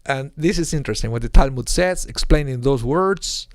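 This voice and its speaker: A man's voice: mid-range voice, normal speed, no echo, clean studio sound. A man, a rabbi, giving an informal online Torah lesson, explaining with rhetorical questions and acting out quotes. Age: adult with a young son. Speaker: rabbi teaching a weekly Torah class.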